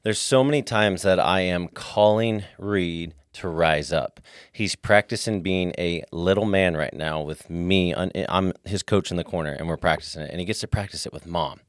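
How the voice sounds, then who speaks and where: A man's voice: sits low, normal speed, dry recording, studio quality. A man telling a family story in a casual faith-based talk, acting out the quotes as he goes.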